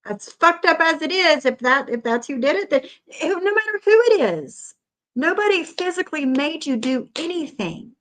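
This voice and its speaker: A woman's voice: high-pitched, animated, normal speed, a bit bright. A woman hosting a live stream, blunt and profane as she weighs in on an argument. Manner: blunt, profane, sides with the others.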